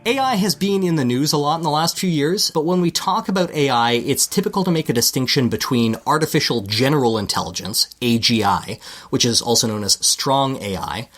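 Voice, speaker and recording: A man's voice: mid-range voice, animated, brisk, a bit bright, soft background music. A man with a Canadian accent, a podcast co-host reading a scripted segment with dry, self-deprecating asides.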